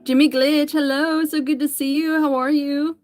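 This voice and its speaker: A woman's voice: high voice, little pitch movement, normal speed, darkish tone, soft background music. A woman artist chatting casually on a livestream while she draws, greeting viewers by name in an upbeat, chatty way. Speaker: digital artist streamer.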